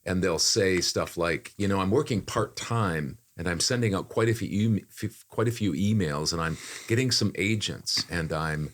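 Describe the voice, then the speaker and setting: A man's voice: sits low, moderate pace, hardly any pauses. An older man and voiceover talent, co-hosting a casual podcast chat and rambling with frequent restarts.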